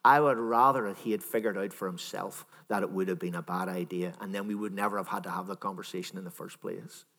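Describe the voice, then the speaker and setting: A minister giving a sermon in a conversational, storytelling manner, voicing imagined dialogue. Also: male voice, low voice, steady tone, quick pace, few pauses, fairly bright tone, long reverb tail.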